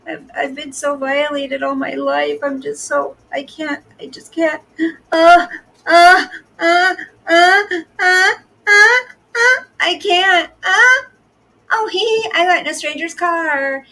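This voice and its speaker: A woman putting on a mocking impression of a whiny, self-pitying young woman who fake-sobs in a high, breathy wail. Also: little pitch movement, unhurried, a bit bright, full character voice, low-quality recording. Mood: mock-tearful.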